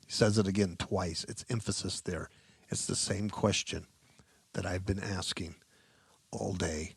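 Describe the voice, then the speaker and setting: A man preaching a sermon with passion, repeating phrases for emphasis and swinging between low mutters and loud, stressed scripture readings. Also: fairly even intonation, measured pace, gravelly, breathy edge, no room sound.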